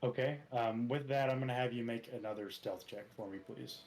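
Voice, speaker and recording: A man narrating as game master of a tabletop role-playing game, relaxed and full of hesitations. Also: mid-range voice, brisk, rough recording. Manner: relaxed, hesitant with many fillers.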